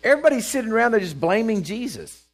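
This high-voiced preacher is very animated and talks fast. His sermon is conversational, with frequent check-ins with listeners and Bible characters acted out in quoted voices.

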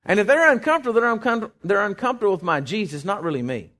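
A man preaches. His voice sits high and swings widely in pitch, and he breaks into sudden loud bursts. He throws in folksy jokes and checks in with the congregation. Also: fast. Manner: animated preaching with sudden loud bursts and call-and-response asides; folksy, joking asides. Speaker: pastor. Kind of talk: sermon.

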